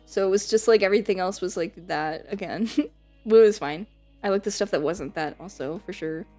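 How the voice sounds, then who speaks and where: A woman's voice: medium pitch, fairly quick, dark tone, soft background music. A woman streamer chatting casually on a live stream, rambling, laughing often and swearing casually.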